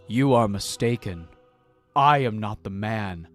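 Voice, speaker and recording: A woman voicing an arrogant young male tyrant, speaking in a lowered, measured, menacing voice. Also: lively intonation, faint music behind, heavily acted.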